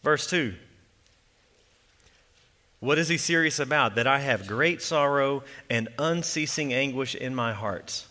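A man preaching a sermon as pastor, earnest and emphatic, slowing down to read scripture solemnly. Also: medium pitch, sharp tone. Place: church sanctuary. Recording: church sanctuary reverb.

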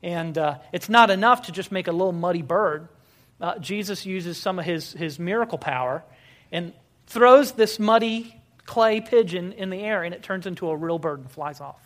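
A pastor delivers a sermon in a conversational, storytelling style with wry humor, putting rhetorical questions to the congregation and often pausing on filler sounds. His voice is medium-pitched, expressive, and fairly bright.

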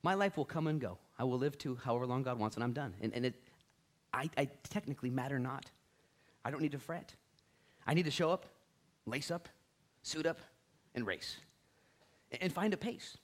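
A man's voice: mid-range voice, moderate pace, long pauses. A middle-aged male pastor preaching a conversational sermon, acting out little dialogues along the way.

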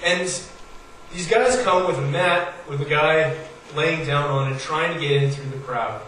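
A pastor preaching a sermon. He tells stories in a casual, conversational way and pushes his emphasis higher as he builds each point. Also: unhurried, fairly bright tone. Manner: storytelling, conversational with rising emphasis. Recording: very echoey hall, voice from far off, faint noise.

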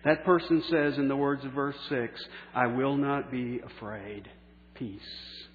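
A pastor preaching a sermon, slowing down for key phrases and letting line endings trail off softly. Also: male voice, mid-range voice, fairly even intonation. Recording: echoey hall on a tinny phone-like line.

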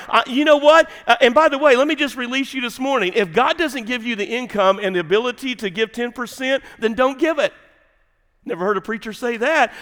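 A male pastor preaching a sermon, folksy and animated, daring the congregation. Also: very high-pitched, fairly quick. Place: church sanctuary. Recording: long hall reverb.

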